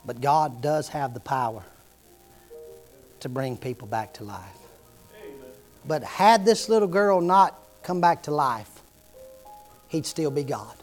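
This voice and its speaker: A man's voice: medium pitch, a little slow, long pauses, soft background music. A middle-aged man, preaching a sermon with impassioned storytelling.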